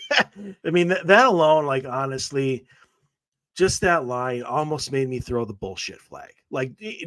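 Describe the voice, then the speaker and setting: Guy co-hosting a radio show, slow sarcastic ranting, dry close sound. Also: medium pitch, fairly bright tone, no echo. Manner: sarcastic, mocking rant. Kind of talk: casual podcast banter.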